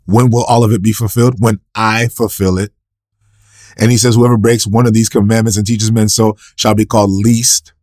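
A man's voice: darkish tone, dry recording, studio quality. Man preaching a questioning sermon. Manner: asks and answers his own questions, repeats scripture quotes; rises sharply in pitch and volume for emphasis. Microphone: recorded for a podcast.

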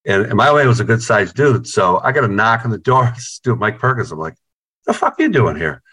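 A middle-aged man from New York with a lowish voice tells rambling stories over a video call. He swears constantly, stumbles and repeats words, and keeps slipping in "you know what I mean.". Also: expressive, quick pace, sharp tone, breathy edge. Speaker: guitarist in a band, interviewee.

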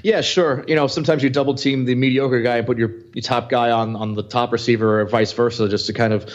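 A man co-hosts a fantasy football podcast, talking quickly and rambling, often restarting his sentences. His audio sounds a little dull and muffled. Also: mid-range voice, fairly even intonation. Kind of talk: casual sports chat.

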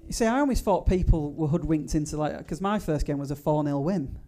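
A man hosting a podcast's live show rattles along at a fast clip. His voice sits a little high but has a soft, mellow tone, and his talk is chatty and full of fillers and restarts. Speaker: podcast host. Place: live event before an audience.

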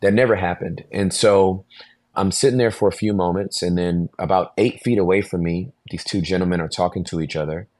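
Deep-voiced man telling a vivid story. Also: fairly quick, dry recording. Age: 40s. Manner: animated storyteller, acts out voices, laughs often. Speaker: pastor, podcast guest. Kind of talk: storytelling in a podcast interview.

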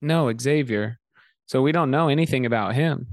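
A man's voice: medium pitch, normal speed, dry recording. A young man co-hosting a casual movie review chat, blunt and jokey with crude slang. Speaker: podcast co-host.

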